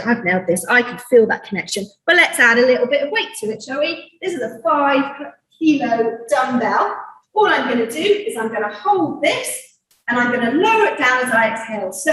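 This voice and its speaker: Breathless midwife coaching in a gym. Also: female voice, high-pitched, fairly bright tone. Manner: passionate, coaching, counting breaths. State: a bit out of breath. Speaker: midwife leading an exercise demo. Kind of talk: energetic exercise instruction talk. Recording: echoey room, far from mic.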